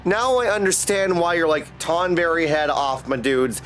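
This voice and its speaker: A man's voice: on the high side, animated, normal speed, a bit bright. A man streaming a game, chatting casually and greeting viewers by name in an upbeat way. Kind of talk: casual livestream chat. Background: game music.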